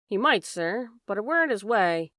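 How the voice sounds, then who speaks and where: A woman's voice: medium pitch, sing-song, moderate pace, pushed and bright, dry recording, studio quality. A woman voicing a worried, chatty working-class boatman's wife in an audiobook reading. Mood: fretful. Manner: chatty, plain-spoken, dropped endings.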